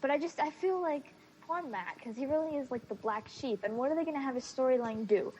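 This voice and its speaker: A young woman co-hosting a fan podcast in casual chat, lively and given to acting out characters in funny voices. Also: high-pitched, fairly quick, dull audio, slight background noise. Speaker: podcast co-host.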